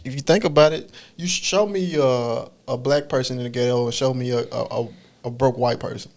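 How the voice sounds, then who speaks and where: A man co-hosting a podcast in casual chat, quick to laugh and egging his partner on. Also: mid-range voice, steady tone, darkish tone. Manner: quick to laugh, eggs the other host on. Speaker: podcast co-host.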